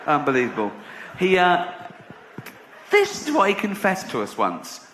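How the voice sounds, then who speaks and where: A man's voice: high-pitched, huge pitch swings, unhurried. A middle-aged man from England, doing brash, profane stand-up storytelling. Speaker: comedian. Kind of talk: stand-up comedy. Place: live comedy venue. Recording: echoey live venue with room noise.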